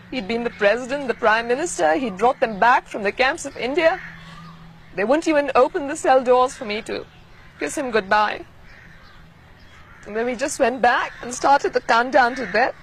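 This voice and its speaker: A woman from Pakistan recalling events in an archival interview, speaking in a quiet, measured, reflective way. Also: on the high side, slight background noise, rough recording.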